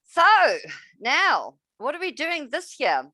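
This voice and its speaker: A middle-aged woman co-hosting a casual chat, telling lively stories and acting out what people said. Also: high voice, slow pace, no echo. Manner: lively storyteller, acts out quotes. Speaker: podcast co-host.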